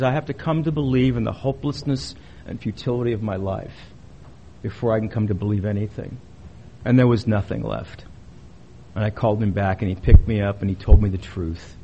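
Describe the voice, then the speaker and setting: A man's voice: on the low side, a little mellow, dull audio, a little hiss or hum. A middle-aged man giving a personal testimony talk at a recovery meeting, blunt and wry, building emphasis as he tells his story.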